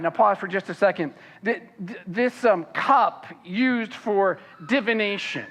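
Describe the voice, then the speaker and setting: A pastor preaching a sermon, reading scripture aloud and then explaining it, with frequent fillers and restarts. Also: male voice, unhurried, hardly any pauses, in a large hall. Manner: animated, voicing the characters' protests with rising pitch.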